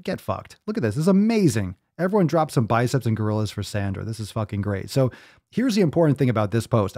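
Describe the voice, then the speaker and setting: This fitness podcast host, a man with a medium-pitched, darkish voice, runs a live stream where he reads viewer posts aloud. He reacts with blunt, profane emphasis and repeats his points to hammer them home. The sound is studio quality with no room sound.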